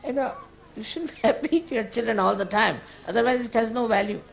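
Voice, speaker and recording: A woman's voice: fairly high pitch, normal speed, vocal fry. A woman giving an informal spiritual talk as a teacher, conversational and firm, chiding at times and often laughing.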